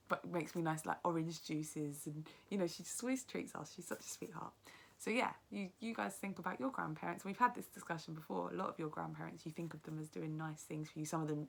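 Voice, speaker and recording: A woman, a teacher reading aloud to her class and explaining words in gentle, chatty asides. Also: deep voice, vocal fry, a little hiss or hum.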